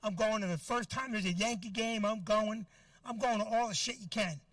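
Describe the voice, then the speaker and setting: Brash high-voiced male comic. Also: fairly quick, no echo, far from the mic. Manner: brash, profane, acts out quoted dialogue and shouts. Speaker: stand-up comedian. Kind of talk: stand-up comedy set. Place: comedy club with audience.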